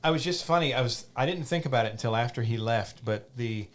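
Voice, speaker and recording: A man's voice: mid-range voice, fast talker. A middle-aged man hosting a podcast, chatting casually and joking, often repeating himself. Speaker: podcast host. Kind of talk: casual chat. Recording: faint background noise.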